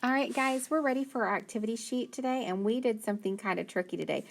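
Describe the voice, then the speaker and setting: A woman sounds out letters slowly and clearly for young children in a phonics lesson, praising them again and again. Her voice sits a little high.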